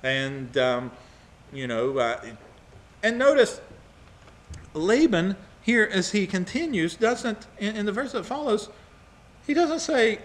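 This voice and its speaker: A man teaching a Bible study, talking haltingly with many fillers and acting out the verses he reads. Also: high-pitched, big pitch swings.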